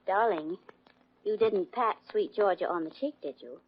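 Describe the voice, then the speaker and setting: A woman's voice: mid-range voice, normal speed, slightly rough, close to an everyday voice. An actress playing a teasing, playfully jealous girlfriend in a 1940s radio drama. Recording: dull old radio recording.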